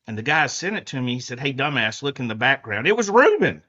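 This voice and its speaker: A man with a bright, forceful tone tells lively stories on a sports talk show. He goes from low murmurs to excited bursts. The sound is muffled and lo-fi. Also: quick pace. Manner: lively storyteller, swings from quiet to loud. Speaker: guest reporter. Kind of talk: casual sports talk storytelling. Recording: muffled lo-fi audio.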